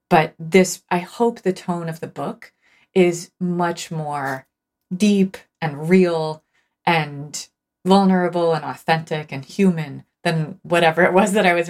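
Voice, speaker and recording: A woman guesting on a talk show as an author, telling stories in a thoughtful, earnest way. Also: on the low side. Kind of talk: casual conversation.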